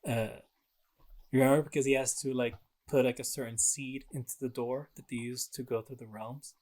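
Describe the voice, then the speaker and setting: A man's voice: mid-range voice, steady tone, a little fast, a little mellow. Chatty man recapping a game. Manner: lots of fillers, acts out game scenes with laughs. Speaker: podcast co-host. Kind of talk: casual game chat.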